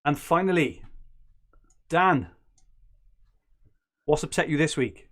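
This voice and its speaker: A man's voice: a little high, expressive, slow, fairly bright tone. A man co-hosting a podcast, chatting in a rambling, joking way. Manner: rambling, self-correcting, joking. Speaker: podcast co-host. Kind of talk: casual banter.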